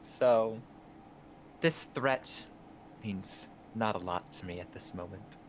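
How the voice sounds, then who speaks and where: A man playing his character in a tabletop game, answering with calm, dry retorts. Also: on the low side, slow pace, slight background noise. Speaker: player.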